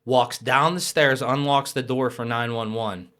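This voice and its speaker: Young adult man, middle-pitched voice, casual guest who tells stories animatedly and swears freely. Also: steady tone, unhurried, a bit bright. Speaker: podcast guest. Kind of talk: casual podcast storytelling.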